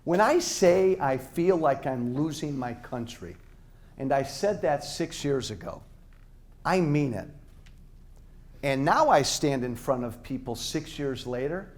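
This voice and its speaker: A man's voice: a little high, animated, measured pace. A middle-aged man giving a blunt, impassioned, off-the-cuff speech to college students in a university hall, talking straight to the crowd. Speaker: political speaker.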